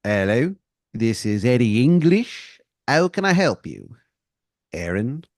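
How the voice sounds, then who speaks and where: A man's voice: mid-range voice, very slow, a little mellow, no echo, clean studio sound. A man voicing a shady male corporate recruiter with an overdone, wobbly English accent, chummy and salesy. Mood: oily. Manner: chummy, salesy, calls the listener governor and mate.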